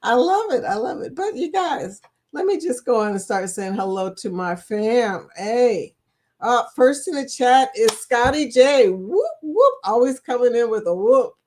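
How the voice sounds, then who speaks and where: A woman's voice: on the high side, expressive, measured pace, a little mellow. A woman from Kentucky with a Kentucky accent, hosting a live chat stream, who talks in a chatty, teasing way and laughs often. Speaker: livestream host. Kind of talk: casual chat greeting viewers.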